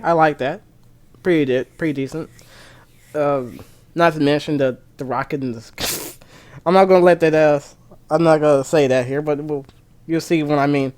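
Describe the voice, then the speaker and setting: A man streamer chatting casually and excitedly, rambling with many restarts. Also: a little high. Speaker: gaming streamer. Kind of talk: casual chat.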